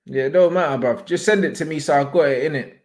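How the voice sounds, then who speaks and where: Young man, slightly high voice, animated slangy livestream host. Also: fast. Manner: slangy, animated, shouts out viewers. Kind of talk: casual livestream chat.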